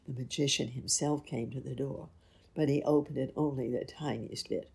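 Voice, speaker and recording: A woman reading a children's story aloud in an expressive, unhurried way. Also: very deep voice, gravelly, slightly rough.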